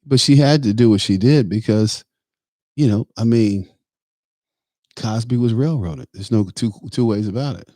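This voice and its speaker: A man's voice: on the low side, normal speed, warm tone, no room sound, studio quality. A man hosting a talk show, delivering an emphatic, opinionated political monologue that rambles with fillers. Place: Tampa area.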